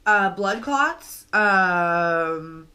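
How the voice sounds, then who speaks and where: A woman's voice: mid-range voice, expressive, drawn-out words, pushed and bright. A young woman vlogging to camera, telling a story with many fillers and restarts while venting that she is upset.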